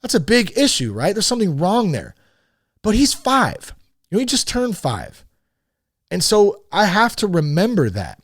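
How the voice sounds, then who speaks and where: A man in his thirties hosting a podcast, talking frankly in a casual, animated monologue. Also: sits high, normal speed, dry recording, clean studio sound. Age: 30s. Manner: animated and frank, with swearing and rising emphasis. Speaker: podcast host.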